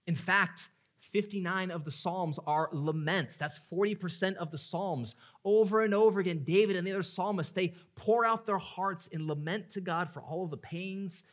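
A male pastor preaching a sermon, dropping to hushed tones and rising into loud, impassioned pleading. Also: high voice.

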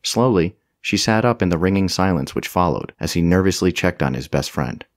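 A man's voice: low-pitched, lively intonation, a little fast, dry recording, studio quality. A man narrating a comic fantasy audiobook with a wry, storytelling delivery.

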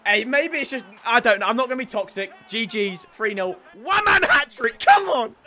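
A man giving excited video game football commentary, pleading with his players, screaming at goals and then apologizing for the noise. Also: high voice, fairly quick, faint music behind. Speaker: gaming YouTuber.

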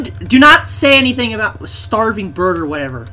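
An excitable, jokey streamer giving live gameplay commentary, swinging into mock wailing. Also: medium pitch, moderate pace.

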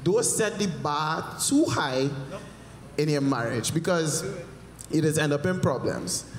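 A man performing a stand-up comedy set, telling animated stories and putting on character voices. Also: fairly high pitch, slow pace. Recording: echoey hall, live performance.

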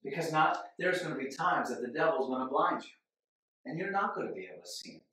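A man preaching a sermon, voice a little high for a man, swinging between loud, fired-up passages and hushed, quiet ones. He is recorded from well back across an echoey church sanctuary, so the room rings around every word. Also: fast, distant mic. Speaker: pastor. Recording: echoey church hall from off-mic.

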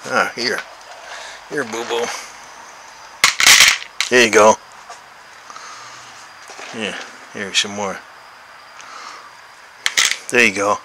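A man's voice: on the low side, steady tone, slow, long pauses, pushed and bright, slight background noise, rough recording. A man in his sixties rambling casually and cursing freely while coaxing his cat outdoors. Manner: meandering, profane, coaxing talk to the cat. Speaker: vlogger, cat owner.

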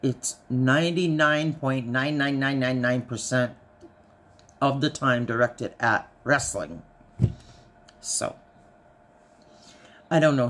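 Husky-voiced, low-pitched woman. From Canada. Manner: chatty and dry, with a lot of "I said". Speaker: haul vlogger. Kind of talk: casual storytelling.

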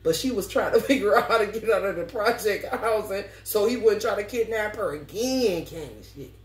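A woman's voice: medium pitch, brisk. A woman tarot reader telling stories to her viewers in a casual, profane way, laughing often as she talks. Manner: animated, laughs often, heavy swearing. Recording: roomy echo, mic at a distance, faint background noise.

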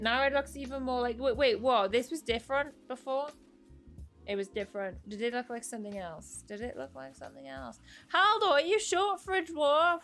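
A woman's voice: a little high, creaky, fairly bright tone. A young woman chatting casually while streaming a game, thanking viewers by name and laughing at her own confusion. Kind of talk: casual live-stream chat while playing.

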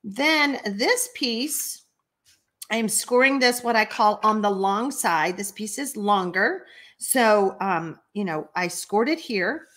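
A woman's voice: mid-range voice, expressive, slow, a bit bright. A Texan woman hosting a live card-making tutorial, chatty and folksy, laughing often and reading viewer comments aloud. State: allergies, watery eyes. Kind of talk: live stream craft tutorial.

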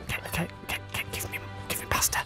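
A man in a whispered role-play as a kitchen helper, hushed and pleading, repeating short calls. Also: racing. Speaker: co-host playing a kitchen game. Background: game music.

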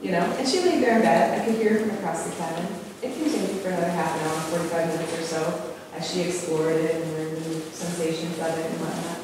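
A woman giving an informal talk to a group. Her delivery is candid and conversational, full of small fillers. She was recorded in a big echoing hall from a distance, with steady room noise behind her. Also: lowish voice, fast, hardly any pauses. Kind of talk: informal presentation to an audience. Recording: echoey hall, far from mic, room noise.

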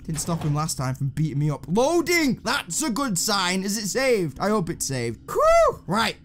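A man's voice: high voice, big pitch swings, moderate pace, a little hiss or hum. A man giving jumpy, sarcastic, swearing commentary while playing a horror video game. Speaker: gaming channel host.

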